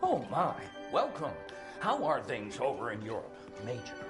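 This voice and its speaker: An actor playing a gruff studio owner in a video game, dry and condescending toward his assistant. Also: mid-range voice, wildly swooping pitch, unhurried, over music.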